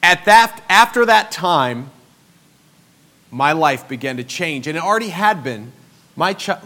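A man in his forties, a pastor, preaching a sermon as a personal story, moving between quiet, intimate passages and loud, emphatic ones. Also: fairly high pitch.

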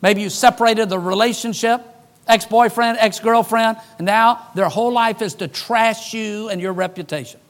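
Pastor, male, high voice, folksy preaching, wry asides, dynamic delivery. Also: moderate pace. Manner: folksy, joking asides, shifts between loud emphasis and hushed lines. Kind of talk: sermon.

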